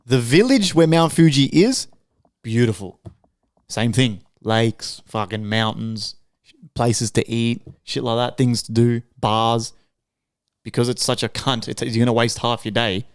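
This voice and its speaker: An Australian man talking loudly and swearing freely, with jokey banter, as a guest on a podcast. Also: mid-range voice, fairly even intonation, a little slow, clean tone, no echo, clean studio sound. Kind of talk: casual podcast chat.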